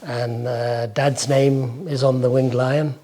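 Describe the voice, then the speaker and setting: A man in his sixties from England, recalling his life in an interview, rambling and halting with restarts. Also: mid-range voice, level tone, mellow. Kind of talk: casual recollection.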